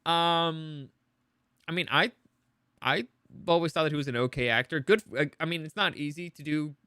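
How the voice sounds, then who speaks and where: A man's voice: fairly high pitch, moderate pace, bright, forceful tone, smooth, no echo, clean studio sound. A man hosting a casual entertainment news show, rambling with many restarts and opinionated asides.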